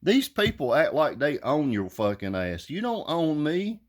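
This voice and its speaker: A man's voice: on the high side, big pitch swings, unhurried, few pauses. A man telling a story to his viewers in a casual rant, blunt and heavy with profanity. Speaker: vlogger.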